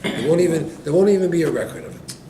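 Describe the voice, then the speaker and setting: A man's voice: fairly high pitch, fast, voice pushed up, natural voice. A man voicing a stern male angel who rebukes firmly, recorded far off in an echoey, noisy room. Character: stern male angel delivering heavenly judgment. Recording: echoey room, distant mic, background noise.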